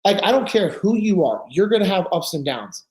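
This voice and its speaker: A man's voice: high voice, fairly quick. A man talking on a podcast, telling stories with earnest conviction and acting out the voices of the people in them. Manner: animated storyteller acting out quoted dialogue. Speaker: podcast speaker. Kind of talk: casual podcast conversation.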